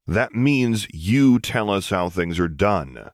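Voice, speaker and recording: A man's voice: low-pitched, expressive, takes it slowly, no room sound, clean studio sound. Man voicing a blunt, exasperated second-in-command. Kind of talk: audiobook reading of fan fiction.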